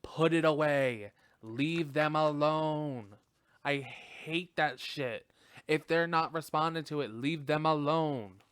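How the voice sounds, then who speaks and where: Brief: animated male podcast host, laughing and cursing, unhurried delivery, dry room. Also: on the high side, clear, resonant tone, dry recording. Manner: profane, animated, laughs often. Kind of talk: casual film review chat.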